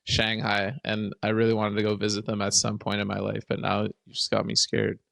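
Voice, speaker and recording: A man co-hosting a podcast, chatting casually with short, relaxed reactions and some swearing. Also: on the low side, brisk, gravelly, no echo, studio quality. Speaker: podcast co-host. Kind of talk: casual chat. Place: podcast studio.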